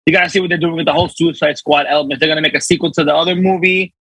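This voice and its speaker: A man on a podcast chatting casually in a relaxed, hedging way with many fillers. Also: a little high, rapid-fire, slightly rough, no echo, rough recording. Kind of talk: casual chat.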